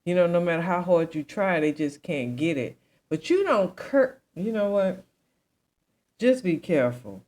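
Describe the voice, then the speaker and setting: A woman's voice: fairly low pitch, expressive, measured pace, a little mellow, poor audio. A young adult woman hosting a casual commentary chat. She rambles with many asides and keeps asking her listeners questions. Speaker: commentary host.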